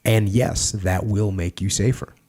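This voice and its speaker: A man's voice: lowish voice, steady tone, a little slow, dark tone. A man hosting a podcast, talking in a casual, emphatic way and sometimes acting out barked orders. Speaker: podcast host. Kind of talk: casual conversation.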